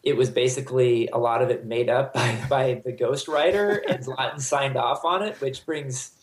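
A man of middle pitch speaks in a relaxed panel chat. He explains things fluently and thoughtfully. His voice carries a roomy echo. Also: normal speed, a little hiss or hum. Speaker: soccer journalist.

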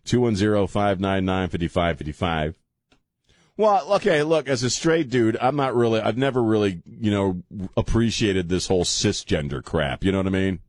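A man's voice: fairly low pitch, expressive, normal speed, no room sound, studio quality. Blunt, laughing radio host man. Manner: joking, laughs often, blunt opinions. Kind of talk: casual call-in radio talk. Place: radio studio.

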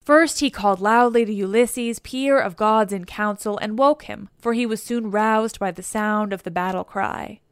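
A woman reading an epic poem aloud as scripted narration, in a measured, steady way. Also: medium pitch, clear, resonant tone, dry recording, clean studio sound. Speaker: audiobook reader.

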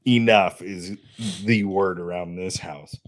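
A man's voice: fairly low pitch, normal speed. A man hosting a casual chat, talking things through with self-deprecating asides.

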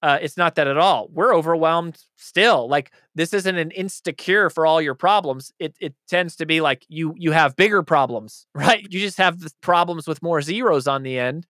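A man's voice: fairly high pitch, moderate pace, hardly any pauses, fairly bright tone, no echo, clean studio sound. A man speaking as an author being interviewed, talking in a passionate, emphatic way. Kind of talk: conversational interview answers.

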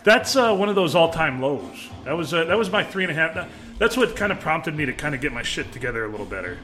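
A man's voice: a little high, very animated, quick pace, bright, forceful tone, faint music behind. A man in his thirties co-hosting a podcast, joking around and telling rambling stories in casual banter. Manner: jokey, rambling storyteller. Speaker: podcast co-host.

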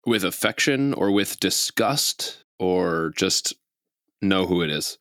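A man playing a tabletop game, thinking aloud in a relaxed way with many ums. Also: sits low, slow pace, dry recording, clean studio sound. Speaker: player. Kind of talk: casual tabletop game chat.

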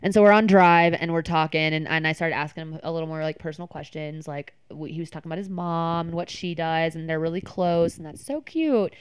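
Young woman, casual storyteller: rapid, smooth, animated, lots of "like". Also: low-pitched, no echo. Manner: animated, chatty, many "like" fillers.

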